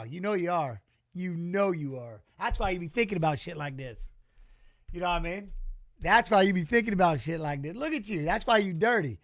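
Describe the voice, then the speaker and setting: A man hosting a live-stream watch-along, giving casual fight commentary in an excitable, slangy way and teasing the chat. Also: high-pitched.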